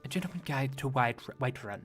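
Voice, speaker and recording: A man's voice: medium pitch, expressive, fast, fairly bright tone, soft background music. A man chatting loosely on a livestream while playing a game, rambling with lots of fillers and some swearing. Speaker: streamer. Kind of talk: casual livestream chat.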